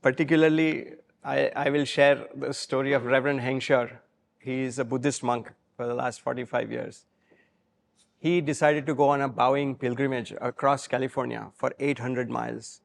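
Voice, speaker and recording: Gravelly storytelling man. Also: medium pitch, normal speed. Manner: animated, acts out quotes, frequent fillers. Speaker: guest speaker. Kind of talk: storytelling talk to a live audience.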